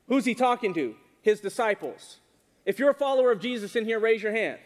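A man preaching a sermon to a congregation, animated and often asking them questions. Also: high voice, normal speed. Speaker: pastor. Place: church hall with congregation. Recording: reverberant hall.

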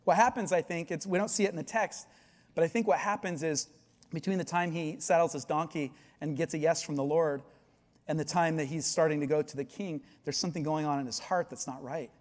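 A man preaching a sermon as a pastor, telling the story in an animated way and acting out its voices. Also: on the high side, fairly quick, in a large hall.

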